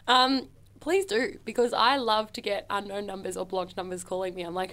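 A woman co-hosting a casual comedy chat show, playful and quick to laugh, often acting out little voices. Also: medium pitch, sharp tone. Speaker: co-host.

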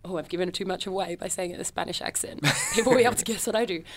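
A woman co-hosting a casual comedy chat show, playful and quick to laugh, often acting out little voices. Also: on the low side. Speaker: co-host.

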